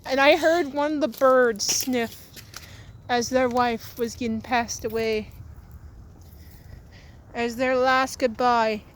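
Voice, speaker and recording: A woman hosting a casual vlog, soft-spoken and wandering in her talk, chatting to her pets along the way. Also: a little high. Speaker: channel host. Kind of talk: rambling casual vlog chat.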